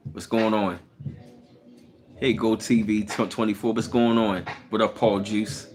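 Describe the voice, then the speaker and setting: Laid-back Baltimore man, deep voice. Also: measured pace. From Baltimore, Maryland. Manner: relaxed, greets chat by name. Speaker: live streamer. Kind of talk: casual live-stream chat.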